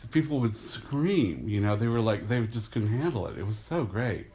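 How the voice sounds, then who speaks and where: Lively low-voiced older man storyteller. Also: normal speed. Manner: animated, acts out crowd voices with gasps. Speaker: artist. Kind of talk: storytelling anecdote.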